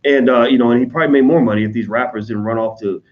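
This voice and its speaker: A man with an American accent talking casually to his audience, blunt and profane, slipping into quick mimicry of other people. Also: medium pitch, steady tone, highs cut off. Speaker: online commentator on business. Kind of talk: casual unscripted monologue.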